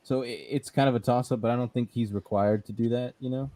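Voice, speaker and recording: A man in casual podcast chat who speaks in a measured way with a lot of "like.". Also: medium pitch, fairly even intonation, warm tone, no room sound.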